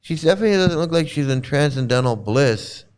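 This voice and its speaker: A man's voice: a little high, lively intonation, a little fast, darkish tone, clear, resonant tone. A man hosting casual commentary as he reacts to videos, blunt and sarcastic, swearing and often restarting his phrases.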